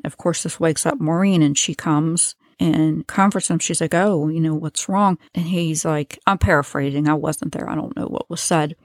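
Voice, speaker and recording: A woman's voice: low-pitched, dry recording, studio quality. An American woman hosting a true crime podcast, retelling a case in a casual, chatty way with asides and filler words. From United States. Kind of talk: casual storytelling lesson.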